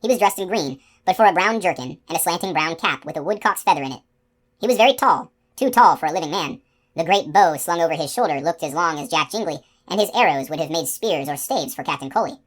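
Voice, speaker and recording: A woman narrating a fantasy novel aloud in a steady, expressive reading voice. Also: low-pitched, fast talker, few pauses. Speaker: audiobook narrator. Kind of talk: scripted narration.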